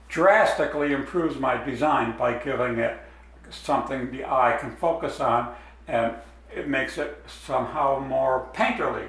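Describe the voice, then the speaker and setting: A man's voice: medium pitch, creaky, fairly bright tone, very echoey, far from the mic, low-quality recording. A man explaining step by step as he draws a design in a drawing demonstration. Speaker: art teacher.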